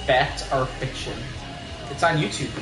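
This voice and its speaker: A co-host of a casual wrestling chat show, giving quick, opinionated remarks. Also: mid-range voice. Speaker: podcast co-host. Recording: roomy live stream with background music.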